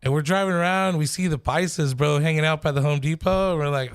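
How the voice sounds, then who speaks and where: A man's voice: on the high side, fast talker, clean tone, no echo. A man, a comedian guest on a podcast, chatting casually and telling rambling stories full of slang and swearing. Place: podcast studio.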